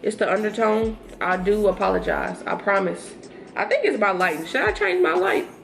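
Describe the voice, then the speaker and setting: A young woman vlogger casually telling a storytime to her viewers while getting ready, chatty and animated. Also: medium pitch, normal speed, gravelly, soft background music.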